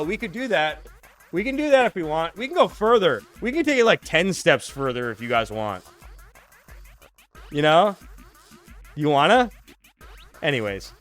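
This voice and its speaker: A young man livestreaming a game, chatting casually and ranting with heavy swearing and frequent laughter. His voice sits a little high for a man, and soft game music plays under his talk. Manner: profane, ranting, laughs often. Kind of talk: casual chat while streaming a game.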